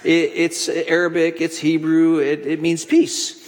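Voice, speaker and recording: A pastor delivering a conversational sermon, telling stories with frequent restarts. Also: male voice, a little high, monotone, a little slow, long reverb tail. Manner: conversational storytelling preacher with restarts.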